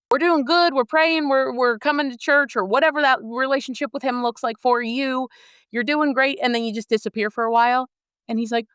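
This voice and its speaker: A woman guest on a podcast, telling a personal story in an earnest and expressive way. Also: on the high side, normal speed, clear, resonant tone, no room sound, clean studio sound.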